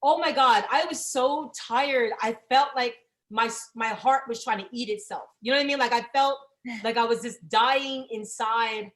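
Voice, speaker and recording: Woman comic, forties, fairly high voice, profane, chatty, loud exasperated outbursts. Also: moderate pace, hardly any pauses. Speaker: stand-up comedian. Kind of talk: stand-up comedy set.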